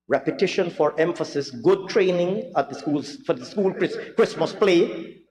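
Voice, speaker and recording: A high-voiced man holds the floor in a parliamentary debate, his mocking, theatrical delivery full of repetition for emphasis. The sound bounces around a large, reverberant chamber with a long tail. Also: animated, measured pace, darkish tone. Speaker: member of parliament. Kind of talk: parliamentary budget debate speech.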